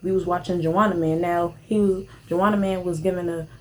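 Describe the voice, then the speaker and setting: A woman's voice: brisk, slight background noise. Rambling young woman telling a storytime. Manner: animated, rambling, slangy, jumps to high squeals when excited. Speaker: vlogger. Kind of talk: casual storytime while eating.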